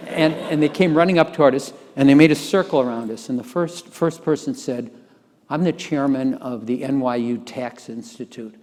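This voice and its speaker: Older man telling a lively story. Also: mid-range voice, big-room sound. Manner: animated storyteller, acts out dialogue. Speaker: tax lawyer telling a story. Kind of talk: recorded oral history anecdote.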